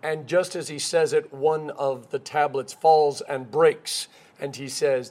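A man's voice: fairly high pitch, steady tone, takes it slowly, a little mellow. A man preaching a sermon, telling stories and acting out quoted characters along the way. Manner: storytelling, acts out quoted characters. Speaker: pastor.

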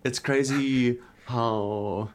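A man's voice: medium pitch, steady tone, very slow. Swearing man in laid-back podcast banter. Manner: swears often, agrees a lot with "bro, a hundred percent". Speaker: podcast co-host. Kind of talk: casual chat.

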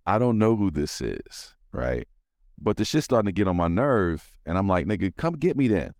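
A man hosting a podcast, telling a story in casual, profane, animated chat. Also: low voice, moderate pace, dry recording, clean studio sound. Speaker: podcast host.

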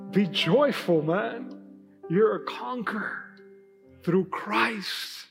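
High-pitched guy preaching casual sunday sermon, lots of acted-out bits, big reverby church hall with faint music. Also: extremely slow, gravelly, a bit bright. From Hispanic heritage, Spanish speaker. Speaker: pastor.

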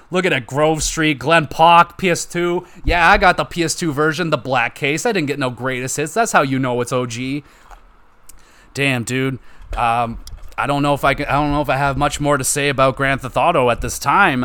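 A young adult man hosting a solo gaming podcast, talking in an excitable, profane, rambling way. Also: mid-range voice, clear, resonant tone. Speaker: podcast host. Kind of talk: casual solo podcast chat.

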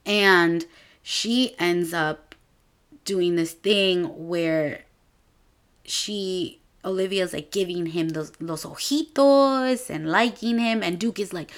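Young woman host, casual and chatty movie recap, slightly low voice, animated storytelling. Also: slow. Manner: chatty, animated retelling with quoted dialogue. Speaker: podcast host.

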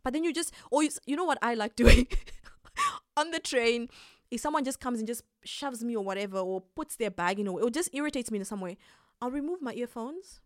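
A woman hosting a casual advice monologue, animated and quick to laugh as she acts out little scenes. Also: a little high, no echo, clean studio sound. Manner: animated, acts out quoted reactions, laughs often. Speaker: podcast host.

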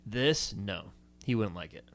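A man's voice: fairly low pitch, animated, a bit bright. A male podcast co-host giving blunt opinions in casual chat, restarting sentences and leaning on "like". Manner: blunt, halting restarts, frequent "like".

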